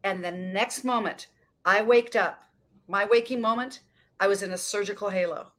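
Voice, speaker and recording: A woman in her sixties from Montana, telling her story as a guest in an earnest, emphatic way with dramatic pauses. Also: medium pitch, a bit bright. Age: 60s. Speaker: guest, motivational speaker. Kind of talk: casual interview storytelling.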